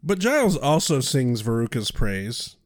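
A man's voice: medium pitch, measured pace, no room sound, studio quality. A man co-hosting a casual chat, ranting with profanity and acting out quoted voices. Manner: profane, exasperated rants with animated quoted voices. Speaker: podcast co-host.

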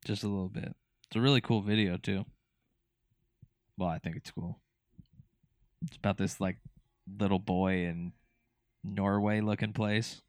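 A man's voice: fairly low pitch, steady tone, normal speed, no room sound, clean studio sound. A man co-hosting a podcast in casual chat, talking in a laid-back, rambling way. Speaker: podcast co-host.

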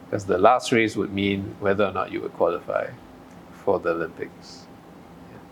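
Low-voiced male interviewer, faint noise. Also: fairly even intonation, normal speed, gravelly, low-quality recording. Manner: brief, prompting questions. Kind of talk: interview questions.

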